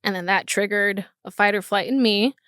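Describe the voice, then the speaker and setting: A woman's voice: mid-range voice, steady tone, normal speed, fairly bright tone, clear, resonant tone, no room sound, studio quality. A woman hosting her own podcast, telling a personal story in a candid, casual way, swearing often and restarting her sentences. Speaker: podcast host.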